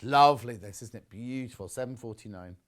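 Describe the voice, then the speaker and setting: A man presenting on a live shopping channel, chatting warmly about fabrics and reading out viewer messages. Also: medium pitch, fairly quick. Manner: chatty, gushing over products, reads viewer messages aloud. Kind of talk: live TV sales chat. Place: TV studio.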